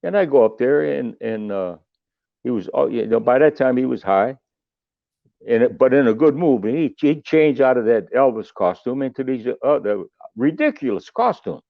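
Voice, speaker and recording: A man's voice: mid-range voice, expressive, moderate pace, vocal fry, dry recording. An older man, a musician guest on a podcast, telling long rambling stories with salty asides and restarts. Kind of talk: casual storytelling. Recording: tinny phone line, dry.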